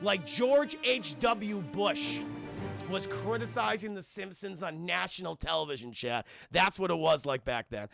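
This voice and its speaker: Gravelly, high-voiced streamer recapping a film. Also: male voice, animated, moderate pace, a bit bright, no echo, clean studio sound, soft background music. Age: young adult. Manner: rambling, profane, keeps addressing chat. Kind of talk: casual live-stream recap.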